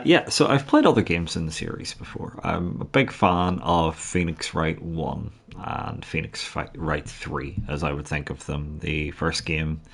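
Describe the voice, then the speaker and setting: A man's voice: extremely low pitch, gravelly, fairly bright tone. A young man streaming a game, chatting in a rambling, self-deprecating way. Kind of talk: casual gaming stream commentary.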